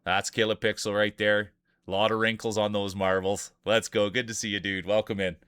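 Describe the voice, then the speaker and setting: A man's voice: on the low side, little pitch movement, a little fast, fairly bright tone, smooth, no echo. Male streamer-announcer, joking banter, resonant voice, dry close sound. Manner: playful, jokey announcer patter. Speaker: streamer hosting marble races. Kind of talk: live stream commentary.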